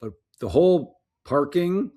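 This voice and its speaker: Male podcast co-host, animated storyteller, lively intonation, slightly high voice. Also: measured pace. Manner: animated storyteller, laughs easily. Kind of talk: casual chat.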